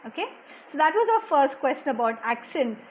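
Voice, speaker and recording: A woman from India teaching a live online class, answering viewers' questions in a soft, quiet voice, saying "okay" often. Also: big pitch swings, fairly quick, dull audio, a little hiss or hum. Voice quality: soft-spoken, low volume. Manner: explanatory, reads out viewer comments, frequent "okay". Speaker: language exam coach. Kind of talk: live-streamed lesson answering chat questions.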